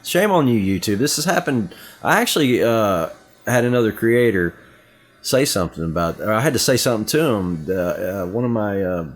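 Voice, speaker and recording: Middle-aged southern guy on a podcast, deep husky voice, rambles and tells stories. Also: brisk. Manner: rambling, lively storytelling with many asides. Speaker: podcast co-host. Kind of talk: casual chat.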